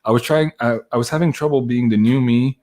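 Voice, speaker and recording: A man telling a long personal story in a casual chat, animated, laughing and swearing now and then, with lots of "like" fillers. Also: medium pitch, a little fast. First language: French. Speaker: guest storyteller.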